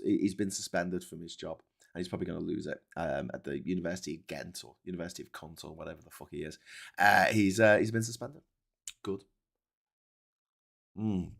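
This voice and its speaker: A man hosting a casual livestream, reading viewer comments and ranting with lots of swearing and restarts. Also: deep voice.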